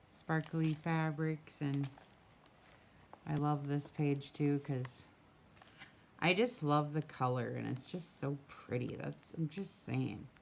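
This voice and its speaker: Low-voiced woman chatting through a craft journal. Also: a little hiss or hum. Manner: chatty, gushing, full of small asides. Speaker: craft shop owner showing a handmade journal. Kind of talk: casual craft flip-through. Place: outdoors with a breeze. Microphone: camera mic.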